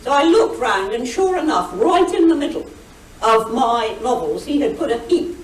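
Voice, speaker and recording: A woman's voice: on the high side, very animated. Witty older woman in an echoey hall. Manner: brisk, witty storyteller, mimics shouted quotes. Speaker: guest speaker. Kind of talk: anecdotal after-dinner talk. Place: meeting hall. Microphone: recorded over a video call. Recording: echoey hall, distant, faint hiss, over video call.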